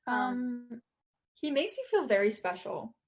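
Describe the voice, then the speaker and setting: A woman's voice: fairly high pitch, very animated, a little slow. A young woman, a college soccer captain, talking earnestly and casually as a podcast guest, with lots of filler words. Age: young adult. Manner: earnest, chatty, many "like" fillers.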